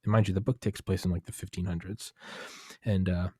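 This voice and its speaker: A man's voice: low voice, steady tone, brisk, a little mellow, husky, dry recording, clean studio sound. A young man telling a long story in casual chat, rambling and candid, full of fillers and profanity.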